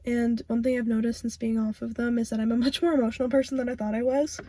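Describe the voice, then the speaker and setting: A young woman vlogging casually, rambling and correcting herself as she talks, sometimes soft and close to tears. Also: a little high, little pitch movement, quick pace, no room sound. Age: young adult. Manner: chatty, rambling, self-correcting; soft, subdued and near tears. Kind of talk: casual vlog chat. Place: car, then outdoors at a barn.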